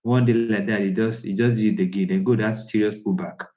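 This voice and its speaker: A man's voice: lowish voice, fairly even intonation, fairly quick, darkish tone, muffled recording. A man who coaches traders in a casual live class, talking in an emphatic, repetitive, preachy way. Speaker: trading coach.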